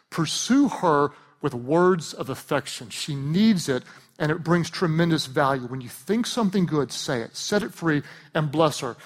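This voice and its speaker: Male pastor, high voice, lively and funny sermon delivery with shouted emphasis. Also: normal speed. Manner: animated and humorous, swells to shouts on key points.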